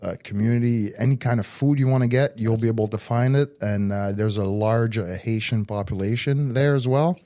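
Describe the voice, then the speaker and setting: Lively man from Montreal telling stories. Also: fairly low pitch, a little fast, few pauses, no room sound, studio quality. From Montreal, Canada. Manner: animated, laughing storyteller. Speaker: podcast guest, former hockey player. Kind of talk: casual storytelling. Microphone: podcast studio mic.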